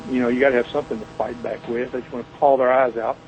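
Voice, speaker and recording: A man's voice: mid-range voice, level tone, racing, a little mellow, slight background noise. Joking Southern man on a muffled call. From Mobile, Alabama, US. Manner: joking, boisterous, folksy storyteller. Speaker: guest. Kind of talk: phone interview chat.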